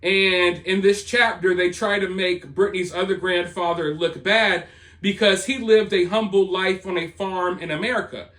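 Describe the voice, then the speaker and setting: High-voiced sarcastic man ranting. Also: steady tone, moderate pace, fairly bright tone. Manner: sarcastic, dismissive, rambling. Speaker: commentary channel host. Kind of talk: opinionated commentary monologue.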